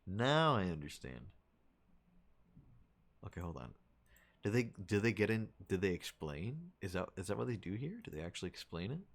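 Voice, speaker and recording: Young adult male streamer, very low voice, loose rambling casual chat. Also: very animated, moderate pace, gravelly, long pauses. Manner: rambling, thinking aloud with many restarts.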